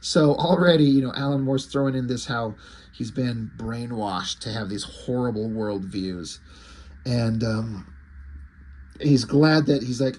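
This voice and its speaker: Husky, rambling comic-book reviewer man. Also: medium pitch, expressive, a little slow, darkish tone. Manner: rambling, hesitant, enthusiastic.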